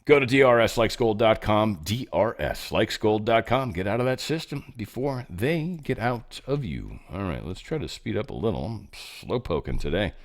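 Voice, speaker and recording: Sarcastic man riffing on headlines. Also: medium pitch. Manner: sarcastic, mocking asides. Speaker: show host. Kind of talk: casual news commentary.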